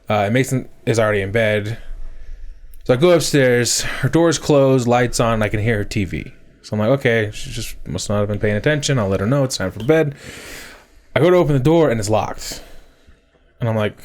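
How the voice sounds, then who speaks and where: Swearing animated podcast co-host, man. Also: mid-range voice, moderate pace. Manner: animated storyteller, swears often, rising to shouts. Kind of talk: casual chat, storytelling.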